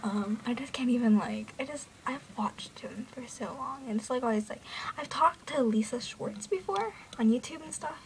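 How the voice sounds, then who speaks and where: A woman's voice: high-pitched, lively intonation, moderate pace, a little hiss or hum. A fourteen-year-old girl vlogging from her bedroom, breathless and giddy, often dropping into whispers. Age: teens. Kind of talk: excited fangirl vlog. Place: bedroom at home.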